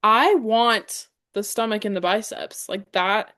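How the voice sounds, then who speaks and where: Fast-talking young woman telling stories. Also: medium pitch, fairly bright tone. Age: young adult. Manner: fast, rambling storytelling. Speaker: podcast co-host. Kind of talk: casual chat.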